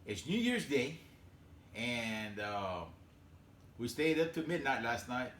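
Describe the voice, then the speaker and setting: A man's voice: mid-range voice, big pitch swings, slow pace, a bit bright, reverberant, a little hiss or hum. A man hosting a casual home cooking demonstration, talking in a folksy, rambling way with many fillers. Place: home kitchen.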